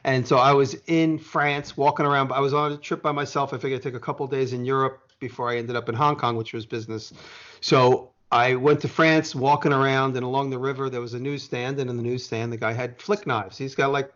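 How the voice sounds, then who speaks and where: A man's voice: mid-range voice, fairly even intonation, fairly quick, a bit bright. An American man telling a long rambling story in casual podcast chat, swearing now and then, with dull lo-fi sound. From United States. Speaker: podcast guest.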